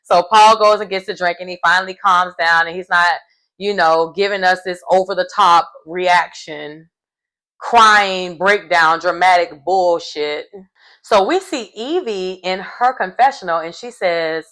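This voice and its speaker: A woman's voice: lowish voice, a little slow, a bit bright. A woman giving a casual, gossipy recap of a reality show, chatty and acting out quotes as she goes.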